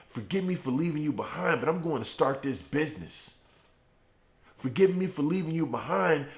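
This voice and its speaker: Middle-aged man, motivational live stream, home garage, fired-up preaching, repetitive phrasing, voice held down low. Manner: fired-up preaching with repeated phrases, speaking in a deliberately lowered voice. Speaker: host of a morning motivational show.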